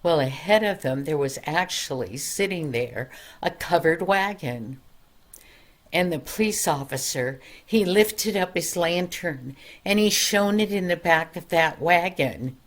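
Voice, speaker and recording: Casting: older woman storyteller, low voice, unhurried, gentle homespun delivery. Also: lively intonation. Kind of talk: bedtime story narration.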